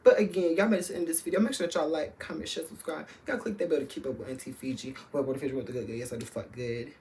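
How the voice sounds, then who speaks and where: A man's voice: a little high, racing, darkish tone. Sassy campy man telling a story. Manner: campy, sassy, full of slang and frank talk to the audience. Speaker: storytime vlogger. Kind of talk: candid storytime chat.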